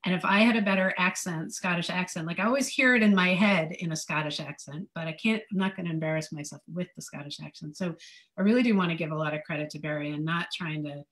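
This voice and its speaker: A woman's voice: on the low side, fast, a bit bright. A woman speaking as a panelist in a panel discussion, thoughtful and loose, with many fillers and restarts. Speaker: fund director, panelist.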